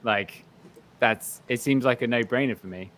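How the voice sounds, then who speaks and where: A man's voice: medium pitch, normal speed, a bit bright. Blunt, self-mocking man on a podcast. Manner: blunt, self-mocking, acts out quoted people. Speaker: podcast guest. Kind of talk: casual podcast chat.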